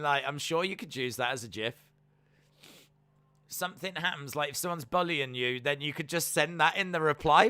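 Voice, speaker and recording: A man's voice: fairly high pitch, sharp tone, clean tone, dry recording. A man chatting casually on a live reaction stream, repeating himself often as he talks. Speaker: streamer hosting a watch-along.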